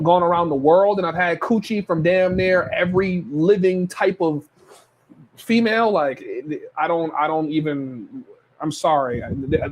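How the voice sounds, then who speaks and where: A man's voice: on the high side, rough recording. A man hosting a stream and reacting to clips in casual commentary, blunt and profane, repeating himself and stumbling over his words.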